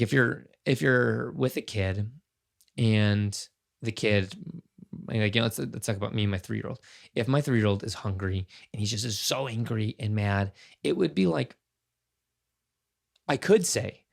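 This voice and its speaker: A man in his thirties talks alone on his own podcast, his voice gravelly and full of fry. He speaks earnestly and with passion, circling back and restarting as he works through his thoughts. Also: on the low side, lively intonation, moderate pace. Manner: earnest and impassioned, thinking aloud with restarts. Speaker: podcast host. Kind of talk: casual solo podcast commentary.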